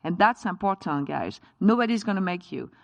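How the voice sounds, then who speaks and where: A woman's voice: on the low side, expressive, normal speed, dry recording, highs cut off. A woman with a French accent, French-born, speaking as a chef guest in a live on-stage interview, passionate and emphatic, with non-native grammar. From France.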